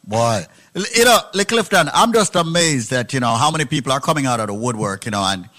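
Man, radio host, bright tense voice, animated, prompting questions. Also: mid-range voice, fast. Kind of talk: talk radio hosting.

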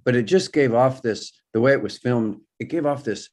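A man in a casual group chat, retelling a film scene in a loose, animated way. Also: mid-range voice, normal speed. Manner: animated, loose storytelling with "kinda" and "like".

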